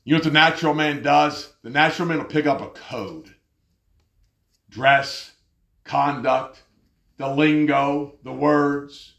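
A man preaching a fervent sermon, telling stories and rising to loud exclamations. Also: a little high, takes it slowly, creaky, pauses often, echoey room, muffled recording.

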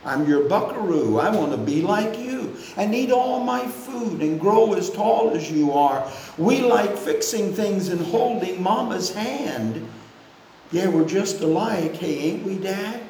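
Man voicing a little boy adoring his dad, sing-song, slightly raised pitch, echoey church. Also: animated, measured pace, a little mellow, a little hiss or hum. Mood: tender. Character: eager four-year-old boy admiring his dad. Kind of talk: reading a song lyric aloud in a sermon.

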